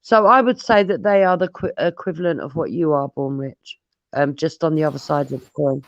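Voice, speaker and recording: A woman from the UK makes her case on an online debate panel, earnest and measured, with some hesitant restarts. Her call audio sounds muffled and lo-fi, close and dry with no room sound. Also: low voice, creaky, dry recording. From United Kingdom.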